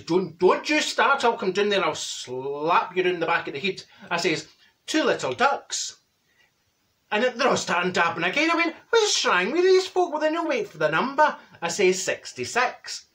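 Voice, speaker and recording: A man's voice: fairly high pitch, very animated, a little slow, gravelly, pushed and bright, full character voice. A man playing a chatty, straight-talking woman from Glasgow with a Glaswegian Scottish accent, telling a comic story in a gossipy, bossy way and acting out other people's voices. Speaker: comedy character. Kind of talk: comedy character monologue.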